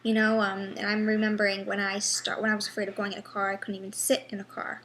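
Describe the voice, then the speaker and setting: A young woman in a personal vlog, talking haltingly with many pauses and restarts, sounding frustrated and worn down. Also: mid-range voice, completely flat delivery, fairly bright tone. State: unwell. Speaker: vlogger.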